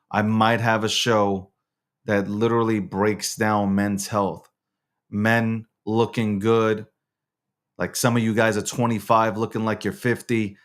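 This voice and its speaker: A man hosts his own casual livestream show, rambling, profane, and quick to get worked up. He rants loudly, his pitch jumping sharply.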